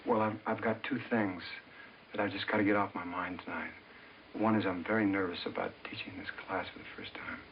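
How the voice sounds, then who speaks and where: A recently divorced man in a film, nervous but blunt, talking quickly in a lowish voice. He comes across as awkward. The clip sounds dull and lo-fi, with faint noise. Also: fairly even intonation.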